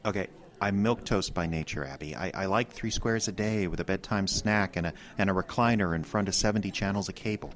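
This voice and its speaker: An actor playing a mild-mannered former high school teacher turned radio writer in a comedic radio drama, self-deprecating and quick to panic. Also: male voice, lightly acted. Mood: easygoing. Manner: self-deprecating, growing frantic when worried.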